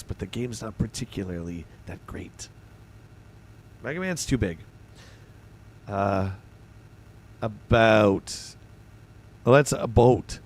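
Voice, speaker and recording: A man from Canada with a Canadian accent, hosting a livestream and chatting casually while reading and answering his chat. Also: fairly low pitch. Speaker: streamer host.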